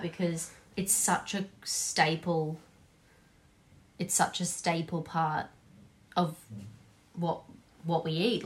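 An Australian woman co-hosting a casual podcast chat, animated and acting out quotes, swearing casually. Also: low voice. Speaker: podcast co-host.

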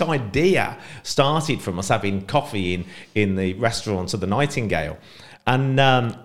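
A man's voice: mid-range voice, lively intonation, unhurried. A middle-aged man, telling stories as a podcast guest in a chatty, rambling way full of fillers. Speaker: podcast guest, Pride co-founder. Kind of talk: casual storytelling.

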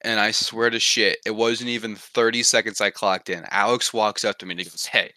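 A young man with a bright, forceful voice, animated and profane, tells a story and acts out every quote. The voice sits close and dry against the mic. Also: lowish voice, fairly quick, dry recording. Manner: animated, acting out quotes, swearing freely. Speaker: podcast co-host. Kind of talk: casual storytelling chat.

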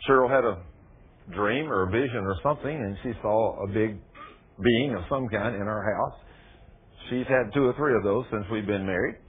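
A man preaching a sermon in a folksy, emphatic way, his voice rising high on key passages. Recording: tinny phone-like radio broadcast.

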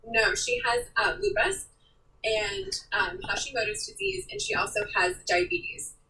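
A young woman speaking as an interview guest, animated and emotional, acting out quoted lines as she talks. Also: fairly high pitch, unhurried, far from the mic, a crowd in the background, rough recording. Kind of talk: candid interview talk.

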